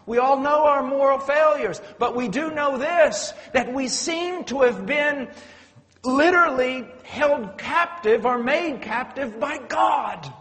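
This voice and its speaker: A man preaching a sermon, swinging between loud urgent outbursts and quiet, low storytelling. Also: slow, long reverb tail.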